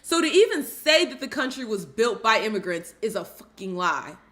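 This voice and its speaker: Woman, high-pitched, bright, blunt heated commentary. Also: very animated, moderate pace. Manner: blunt and heated, with profanity and rhetorical questions. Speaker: commentary streamer. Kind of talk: opinionated casual commentary.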